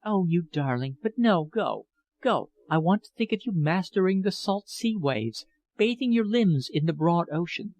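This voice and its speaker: A man's voice: high-pitched, animated, moderate pace, darkish tone, pitched above the performer's own voice. A man putting on a gushing governess with a fake French accent. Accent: exaggerated French. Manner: gushing, lilting and emphatic. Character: gushing fortyish woman governess, theatrical and affected.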